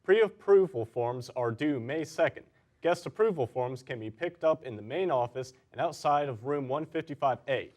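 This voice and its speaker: Teen boy announcer, mid-pitched, steady school-news read. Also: moderate pace. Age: teens. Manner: steady, clear read with stressed headlines. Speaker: student announcer.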